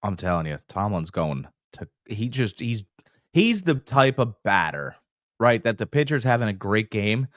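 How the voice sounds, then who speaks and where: A man co-hosting a sports betting podcast, talking casually with big exaggerations and quick impressions. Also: fairly low pitch, no echo, clean studio sound. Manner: animated, hyperbolic, jumps into little impressions. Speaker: podcast co-host.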